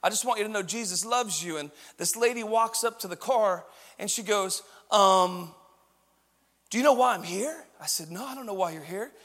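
High-voiced man preaching in a hall. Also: normal speed. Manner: energetic, swings from quiet asides to shouted emphasis. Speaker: pastor. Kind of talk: sermon with storytelling.

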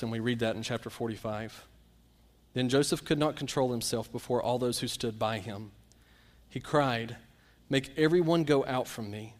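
A man preaching a sermon, telling Bible stories and a personal anecdote and acting out the quotes with lively shifts. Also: mid-range voice. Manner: storytelling, animated, acts out quotes.

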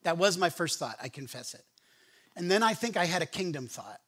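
A man preaching a sermon as pastor, telling a story in a relaxed, conversational way with frequent restarts. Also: on the high side, fairly quick. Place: church sanctuary.

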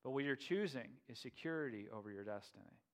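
A man preaching a sermon, lively and humorous, acting out scenes. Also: mid-range voice, fast talker. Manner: animated, acts out biblical figures with playful humor. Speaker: pastor.

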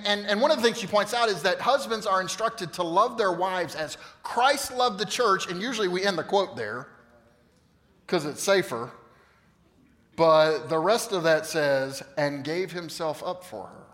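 Animated fifty-something preacher in a hall. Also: male voice, high-pitched, moderate pace. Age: 50s. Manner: animated storytelling, swings from loud to hushed. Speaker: pastor. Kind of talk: sermon. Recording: long reverb of a large hall.

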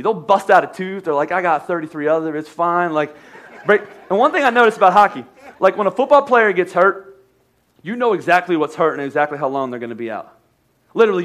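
A high-voiced man from the United States preaches a sermon. He speaks as a pastor in a conversational way, with joking asides and repeated phrases for emphasis. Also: fairly bright tone.

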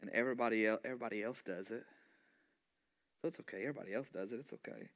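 A preacher in mid-sermon voicing the devil, a sly male tempter who coaxes softly and then sneers with cold contempt. The voice sits at an ordinary man's pitch. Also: moderate pace, natural voice. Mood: wheedling. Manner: smooth coaxing lies, then cold belittling. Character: sly male devil, coaxing tempter turned scornful accuser. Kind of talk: preacher acting out a quoted voice in a sermon.

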